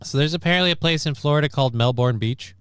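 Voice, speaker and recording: A man's voice: fairly high pitch, fast talker, smooth, no echo, clean studio sound. Guy rambling on his stream, laid back, lots of ums. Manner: relaxed, rambling, filler-heavy. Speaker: streamer host. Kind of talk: casual chat.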